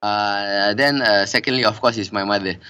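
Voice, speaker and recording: A man's voice: on the low side, steady tone, normal speed, sharp tone, clear, resonant tone. A middle-aged man, a company director interviewed as a guest, who talks hesitantly with many fillers and repeated "and all" tags. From Singapore. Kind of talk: casual interview conversation.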